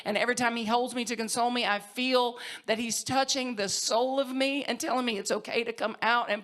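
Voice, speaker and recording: A woman's voice: on the high side, steady tone, a little fast, few pauses, fairly bright tone. A woman minister giving an emotional award tribute, heartfelt and tearful, laughing at times and sometimes dropping to a whisper. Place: conference hall stage.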